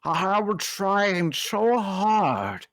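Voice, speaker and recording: A man's voice: sits high, big pitch swings, fairly bright tone, no echo, voice pushed up, exaggerated voice. A man voicing a solemn captive triceratops. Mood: weary. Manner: slow, solemn, heroic declarations. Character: captive male triceratops, earnest and heroic.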